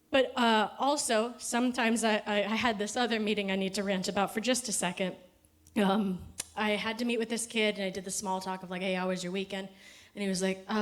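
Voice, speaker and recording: Profane chatty stand-up woman. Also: medium pitch. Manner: chatty, profane, laughs at own jokes. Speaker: stand-up comedian. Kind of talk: stand-up set. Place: comedy festival stage.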